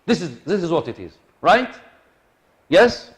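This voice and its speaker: A man giving a lively classroom lecture, often repeating himself and asking the room whether they follow. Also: high-pitched, a little slow, husky. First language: Arabic. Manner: animated, repeats himself, asks the audience for agreement.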